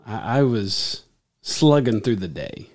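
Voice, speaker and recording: A man's voice: on the low side, big pitch swings, slow pace, darkish tone. A man who speaks on stage every week as a pastor, chatting casually and teasing his co-host. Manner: playful, teasing. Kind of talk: casual chat.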